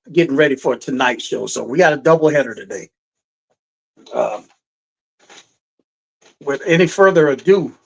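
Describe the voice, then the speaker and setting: This middle-aged man's voice is fairly high with vocal fry as he hosts a live sports podcast. His casual sports talk rambles, and he emphatically repeats himself. The audio quality is poor.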